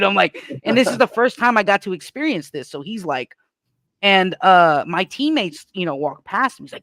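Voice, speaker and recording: Animated high-voiced man telling stories. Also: a little fast, dry recording. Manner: animated, repetitive filler-heavy storytelling. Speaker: paintball podcast panelist. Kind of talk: casual storytelling chat.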